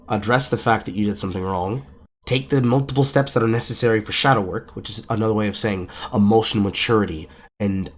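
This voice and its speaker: Emphatic man ranting on a podcast. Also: fairly low pitch. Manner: emphatic, lecturing, profane. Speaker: podcast host. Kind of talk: casual podcast commentary. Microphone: streaming mic.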